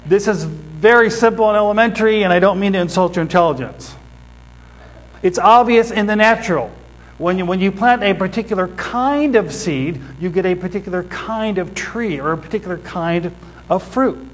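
Before his church congregation, a pastor explains scripture like a teacher and asks the listeners questions. His pitch is high, his pace moderate, and the recording rough.

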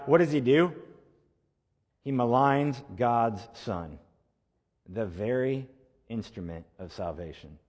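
A male pastor delivers a sermon in a middle-pitched voice, pressing hard on key words before sinking to soft, drawn-out phrase endings. His voice carries the long reverb of a large sanctuary. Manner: dynamic preaching, rising emphases and dropping to quiet ends.

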